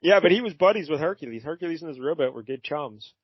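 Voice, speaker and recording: A man's voice: fairly high pitch, lively intonation, quick pace, husky, dry recording. A man co-hosting a casual podcast, recapping a comic in a laid-back, chuckling way. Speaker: podcast co-host. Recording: muffled lo-fi podcast audio.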